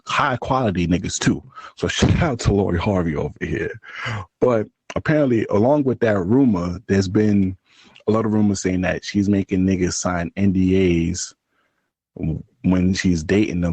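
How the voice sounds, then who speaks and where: A man's voice: husky, no room sound. A man co-hosting a casual podcast, trading crude jokes and breaking into laughter as he teases. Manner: laughing, teasing, lively swings in pitch. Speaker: podcast co-host.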